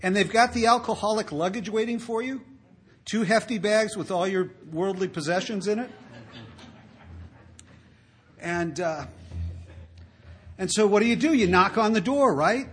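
A man speaking to an audience about his drinking, telling wry stories in a conversational way that swells to loud emphasis. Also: high voice, a little slow, pauses often, husky. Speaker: recovery speaker. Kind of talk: storytelling talk to an audience.

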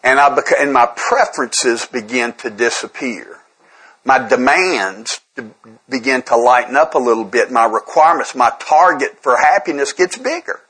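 A man's voice: medium pitch, moderate pace, fairly bright tone, slightly rough, rough recording. A man speaking candidly to a recovery group in a conversational, self-deprecating way, often repeating words as he restarts his sentences. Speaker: speaker sharing at a twelve-step recovery workshop.

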